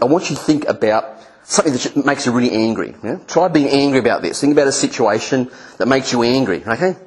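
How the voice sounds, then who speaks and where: Husky-voiced male preacher. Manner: coaxes listeners through a hands-on exercise; acts out angry voices with sudden pitch jumps. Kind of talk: sermon.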